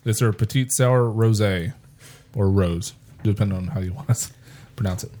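A man presenting beers in a casual chat, with dry deadpan quips. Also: lowish voice, moderate pace.

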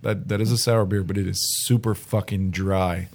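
A man's voice: low voice, fairly even intonation, normal speed, noisy background. A man co-hosting a casual chat, telling silly stories and making puns. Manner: goofy storyteller, puns, laughs at own jokes. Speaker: podcast co-host.

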